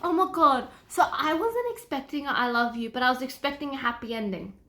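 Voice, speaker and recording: Excitable young woman, bright voice. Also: high-pitched, brisk. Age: young adult. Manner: excitable, swears freely, sudden loud outbursts and soft whispers. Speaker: book vlogger. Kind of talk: casual reading vlog.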